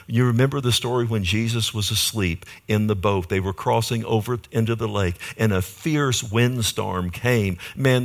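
A man preaching a sermon, telling stories vividly and calling out for amens, with sudden swings between loud and soft. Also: fairly low pitch. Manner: emphatic preaching, asking the congregation "Amen?". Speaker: pastor.

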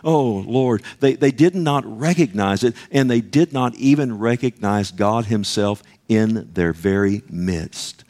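A male pastor delivers a sermon in an impassioned voice. He calls out to his listeners and drops into a slow, emphatic reading whenever he quotes scripture. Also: on the low side, animated, a little mellow. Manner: impassioned preaching, calls to the congregation; reads scripture slowly and emphatically.

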